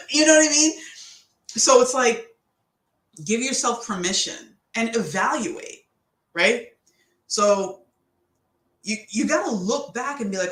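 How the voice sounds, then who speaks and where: A woman's voice: fairly high pitch, animated, slow pace, long pauses, a bit bright. A woman podcast host giving a casual motivational talk, chatty and slangy, who laughs often. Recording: roomy echo.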